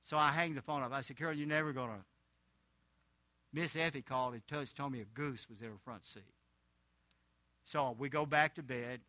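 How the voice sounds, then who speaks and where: A man's voice: medium pitch, moderate pace, pauses often, bright, forceful tone, no echo. An older man preaching, a pastor telling a homespun story in a sermon, with chuckling asides.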